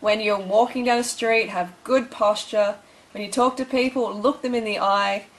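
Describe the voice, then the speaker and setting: A woman's voice: medium pitch, steady tone, normal speed, rough recording. A young woman giving blunt, bossy, tough-love advice in a motivational vlog.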